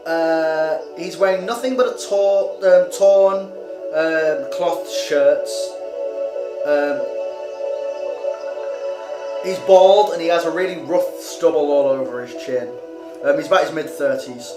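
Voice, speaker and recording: Brief: game master describing scenes, halting delivery, music under, roomy room. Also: medium pitch. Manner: hesitant, many ums. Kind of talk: narrating a tabletop game. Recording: roomy recording with music behind.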